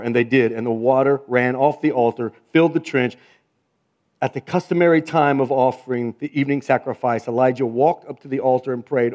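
A man preaching a sermon with wry, sarcastic humor and big swings between loud and hushed delivery. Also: medium pitch, fairly even intonation, brisk, muffled recording. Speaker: pastor.

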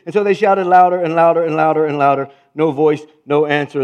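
A man delivers a sermon in a high-pitched voice, mixing scripture with wry, sarcastic asides. He swings between loud emphasis and hushed, chuckling remarks. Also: flat delivery, a little fast, few pauses, clean tone. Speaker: pastor.

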